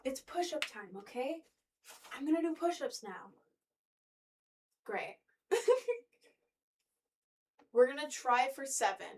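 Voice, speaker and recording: A woman's voice: high voice, animated, slow pace, long pauses. A woman chatting casually on a livestream, rambling and talking straight to her viewers. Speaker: streamer and cosplayer.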